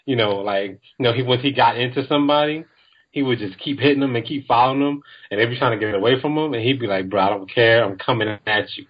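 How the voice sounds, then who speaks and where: Husky lowish guy on a podcast, chill, lots of ums, muffled lo-fi audio. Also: quick pace. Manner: laid-back storytelling with many fillers. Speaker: podcast co-host. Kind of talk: casual chat.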